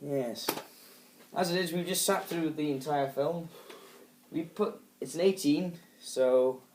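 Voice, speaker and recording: A man's voice: fairly high pitch, slow pace, a little mellow. Chatty young British man, echoey room. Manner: chatty and earnest, trying to steer the talk. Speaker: film reviewer. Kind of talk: casual chat. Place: indoor room. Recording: echoey room with faint background noise.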